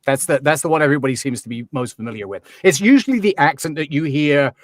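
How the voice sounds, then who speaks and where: A man's voice: a little high, animated, quick pace, no room sound. A man from England with a slightly transatlantic English accent, explaining accents as a guest in a casual chat, wry and full of ums. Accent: English, softened toward transatlantic after years in Canada.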